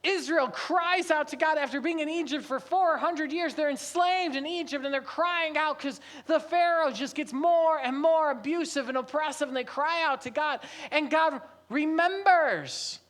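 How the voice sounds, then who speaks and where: A man's voice: very high-pitched, moderate pace, few pauses, fairly bright tone. A man giving a sermon as pastor, telling a family story conversationally with light humor.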